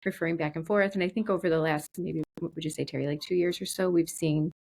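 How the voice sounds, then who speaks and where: A woman's voice: deep voice, fairly even intonation, quick pace, gravelly, darkish tone, slightly rough. A woman guest who works as a child and family therapist, talking in an easygoing, casual way with occasional ums. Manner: easygoing, uses fillers like um. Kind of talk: casual chat.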